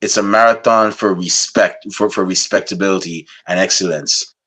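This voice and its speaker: Male podcast host, relaxed, reflective, unhurried sign-off. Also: sits low. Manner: laid-back, slow and reflective. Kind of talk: casual interview chat.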